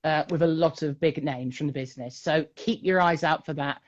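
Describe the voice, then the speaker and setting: A man from England, a magician and puppeteer, chatting as a guest on a live stream in a jokey, animated way. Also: on the high side, brisk, highs cut off. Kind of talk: casual chat on a live stream.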